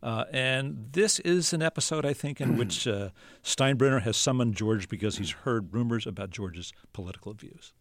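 A man hosting an interview, setting up clips in a measured, explanatory way. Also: mid-range voice. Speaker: host.

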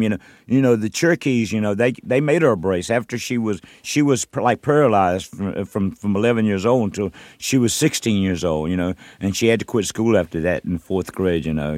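An older man from North Carolina tells stories in a radio interview, looping back with "you know" and restarting his sentences. His voice sits a little low. The studio sound is close and dry. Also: darkish tone, no room sound. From North Carolina, USA. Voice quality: short of breath. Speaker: guest musician. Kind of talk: rambling interview storytelling.

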